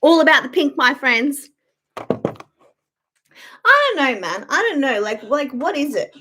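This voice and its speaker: A woman's voice: sits high, very animated, measured pace, pushed and bright, a little hiss or hum. A woman live-streaming a blunt, profane rant as she answers viewer comments. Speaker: YouTuber live-streaming to chat. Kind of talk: casual ranting live-stream chat.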